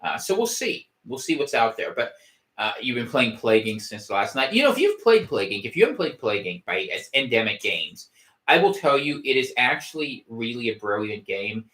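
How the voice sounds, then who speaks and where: A man hosts a casual home livestream, his pitch swinging in a lively, animated way. He rambles through his points with wry gallows humor and often restarts his sentences. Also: a little fast. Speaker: podcast host. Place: home room.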